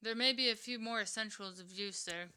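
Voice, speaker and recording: A woman reading out the lines of a frail old man, a grave family friend, in a plain, unhurried way. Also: mid-range voice, smooth. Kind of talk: reading game dialogue aloud. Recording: loud background noise, typing clicks.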